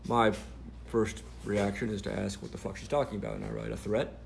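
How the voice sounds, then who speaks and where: A man's voice: on the low side, sing-song, brisk, gravelly, a little hiss or hum. A man telling a story to camera in a sardonic, rambling way, with many fillers.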